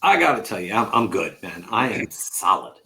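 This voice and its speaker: Rambling, animated comedian man. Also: lowish voice, normal speed. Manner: rambling, stammering anecdotes. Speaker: lawyer and comedian guest. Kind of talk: casual storytelling chat.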